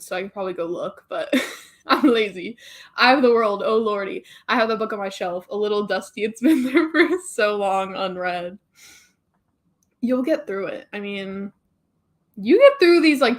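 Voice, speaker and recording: Chatty woman answering her live chat. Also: fairly high pitch. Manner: chatty, reads and answers viewer comments. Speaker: booktube host reading live chat. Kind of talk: casual live-stream chat.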